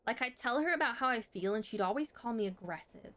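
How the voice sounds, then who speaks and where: A young woman streamer telling a story in casual chat, swearing freely and jumping sharply in pitch. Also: fast talker, few pauses, bright, forceful tone.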